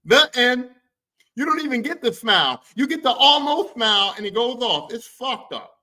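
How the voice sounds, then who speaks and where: A man with a very high voice talks casually about films, slangy and full of swearing. His tone is bright and sharp, and his storytelling stays lively and emphatic. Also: normal speed, low-quality recording. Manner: animated, profane, slangy storytelling. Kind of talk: casual chat about movies.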